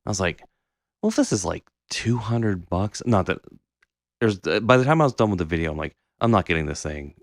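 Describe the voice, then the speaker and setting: A man co-hosting a podcast, ranting in casual, profane, animated chat. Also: sits low, brisk, no echo, studio quality. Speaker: podcast co-host.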